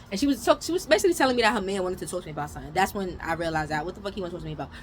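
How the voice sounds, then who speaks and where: A young woman from New York telling a casual storytime, animated, with loud outbursts and mumbled asides. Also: lowish voice, fast talker, slight background noise, poor audio.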